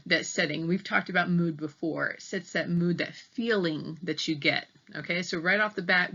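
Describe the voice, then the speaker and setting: A woman's voice: on the low side, creaky, fairly bright tone. A woman teacher reading a story aloud to children, explaining patiently and checking in with "okay?" after each point. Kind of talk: read-aloud lesson for kids. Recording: slightly muffled audio.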